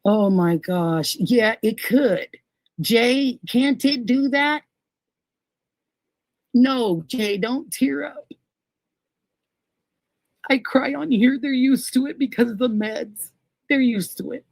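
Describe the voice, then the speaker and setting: Casting: middle-aged woman, streamer host, gravelly and unhurried, sentimental and chatty, dry close mic. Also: fairly high pitch, darkish tone, dry recording, rough recording. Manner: gushing, emotional, thanks viewers by name. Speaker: livestream host. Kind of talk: casual livestream chat reading viewer comments.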